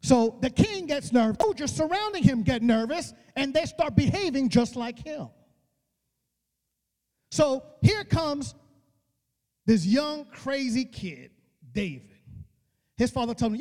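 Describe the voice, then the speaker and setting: A male preacher giving an emphatic, colloquial sermon, acting out dialogue and rising to shouts. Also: extremely high pitch, animated, slow, long pauses. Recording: long reverb of a church hall.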